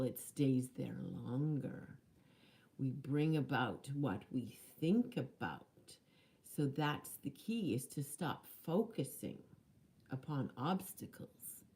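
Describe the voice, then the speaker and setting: Low, mellow-voiced motivational woman. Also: animated, a little slow. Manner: chatty and earnest, with laughs and dramatic whispers. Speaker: spiritual life coach. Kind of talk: motivational talk to camera.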